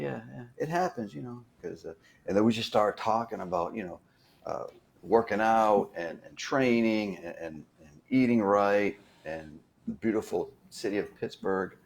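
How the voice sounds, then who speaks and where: A man with a fairly low voice tells anecdotes from a film set in a relaxed interview. He talks in a rambling way, full of fillers and restarts. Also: vocal fry. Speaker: guest, stunt performer. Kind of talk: casual storytelling interview.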